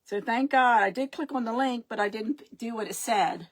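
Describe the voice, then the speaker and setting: A woman's voice: on the high side, normal speed. A middle-aged woman hosting a casual live craft stream, rambling and chatty, often losing her words and greeting her viewers.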